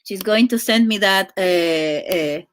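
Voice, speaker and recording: A woman's voice: mid-range voice, slow. A woman hosting a livestream in casual chat, giggling often and restarting her sentences, speaking English as a second language. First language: not English. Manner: chatty, giggly, many fillers and restarts. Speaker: livestream host. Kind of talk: casual live-stream chat.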